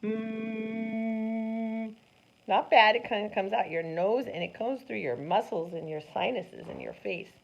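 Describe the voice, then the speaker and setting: A woman teaching a science lesson to children, animated and sing-song, often asking them questions. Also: lowish voice, normal speed, gravelly, hardly any pauses, slightly rough. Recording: dull lo-fi sound with faint noise.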